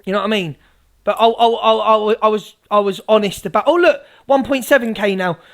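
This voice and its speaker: A woman's voice: mid-range voice, fairly quick. A woman live streamer ranting, sweary, sarcastic and combative. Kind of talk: livestream rant.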